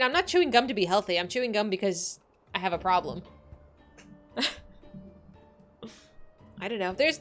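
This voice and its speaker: A woman's voice: medium pitch, fairly bright tone. A woman streamer chatting casually with her viewers while playing, rambling and saying "like" a lot. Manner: chatty, rambling, heavy use of "like"; reads game dialogue aloud. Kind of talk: casual livestream chat while gaming.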